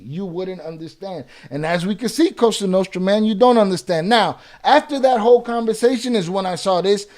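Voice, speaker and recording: A man's voice: high-pitched, a little mellow. A man hosting a live reaction stream, reading chat comments aloud and firing back in profane street slang with a Chicago accent. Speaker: reaction channel host.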